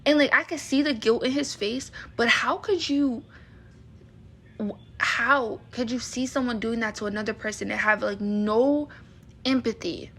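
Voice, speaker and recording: A young woman vents heatedly into the camera, indignant and rambling, with plenty of fillers and restarts. Her voice sits a little high, with a husky, breathy edge and a gravelly fry at the ends of phrases. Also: measured pace, fairly bright tone. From Baltimore area, USA. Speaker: vlogger. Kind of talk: casual rant to camera.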